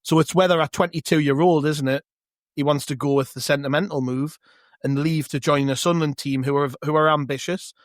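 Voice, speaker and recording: A man's voice: on the high side, fairly even intonation, brisk, no echo, studio quality. A man with a North East English accent, co-hosting a football podcast, chatty and questioning as he tells a story. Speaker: podcast co-host. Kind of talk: casual football chat.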